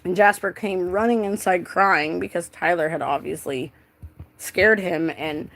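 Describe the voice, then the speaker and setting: A woman's voice: fairly low pitch, unhurried, vocal fry, a bit bright. A young woman telling a personal story in a casual, rambling way, full of filler words and swearing.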